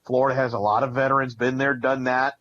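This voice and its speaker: A man's voice: medium pitch, level tone, fast, fairly bright tone, dry recording. A man in the middle register analyzes a college team at length, piling up names and numbers as he goes. His audio is slightly muffled and lo-fi. He sounds like a talkative sports podcast host. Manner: rambling analytical, lists stats. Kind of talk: casual sports talk.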